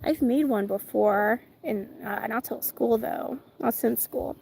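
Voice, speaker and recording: This channel host, a mother of twins, has a fairly high but gravelly, darkish voice and speaks slowly, with a little hiss or hum on the audio. Streaming casually from home near her chickens, she rambles with viewers, reads their comments, and keeps restarting herself amid many fillers.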